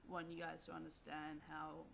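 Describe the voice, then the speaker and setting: A young woman telling a personal story to camera in a rambling, halting way, full of fillers. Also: deep voice, completely flat delivery, creaky, fairly bright tone, slight background noise. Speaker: vlogger.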